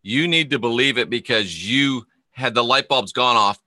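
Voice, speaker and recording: Speaking at normal speed with few pauses, a middle-aged man uses a sharp, mid-range voice in a dry recording with clean studio sound. The former minister and spiritual teacher gives a preaching-style video monologue, emphatic and heavy on repetition and rhetorical questions.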